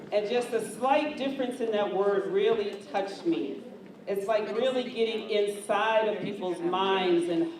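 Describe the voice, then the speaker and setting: A woman hosting an event, speaking from the heart to an audience, emotional, with fillers. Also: mid-range voice. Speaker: event host. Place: large event hall. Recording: echoey hall from far off, faint noise.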